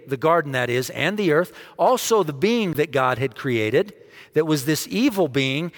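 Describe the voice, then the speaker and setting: A man preaching a sermon, dramatic, dropping almost to a hush to stress a point. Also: fairly high pitch. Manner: dramatic, drops to a near hush for emphasis. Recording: long hall reverb.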